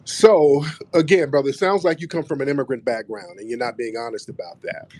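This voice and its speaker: A man's voice: medium pitch, fairly quick, darkish tone, no room sound. A man hosting a live audio chat room, confronting callers in a mocking, combative way. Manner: confrontational, mocking, repeats "brother". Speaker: host.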